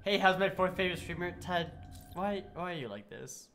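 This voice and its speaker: Sick, lively male streamer. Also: high voice, fairly quick, a little hiss or hum. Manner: swears and yells at the game, chats with chat. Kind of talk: live gameplay commentary.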